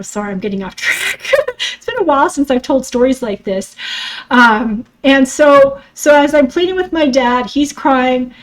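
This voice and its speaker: A middle-aged woman with a high voice talks through her own story on a podcast. She is blunt and profane, restarts her sentences, and swings between hushed moments and sudden loud outbursts. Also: low-quality recording. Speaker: podcast host. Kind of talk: personal storytelling monologue.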